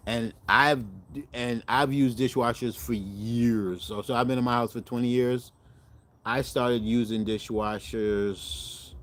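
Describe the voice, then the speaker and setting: Speaking at a medium pitch, this middle-aged man runs a cooking channel and talks to viewers in a loose, rambling way. He keeps revising what he says and tells his stories with lots of animation.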